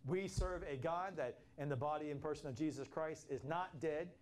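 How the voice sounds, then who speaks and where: A man's voice: on the high side, moderate pace, slight background noise. A man preaching a sermon in an impassioned way, often restarting his phrases and acting out quotes. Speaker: pastor.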